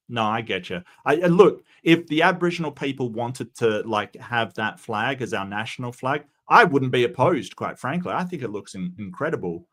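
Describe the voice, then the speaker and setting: Casually chatting on a livestream, a man with a mid-range, fairly bright voice reads and responds to his chat. He rambles, restarting often and using many fillers, all while offering strong opinions.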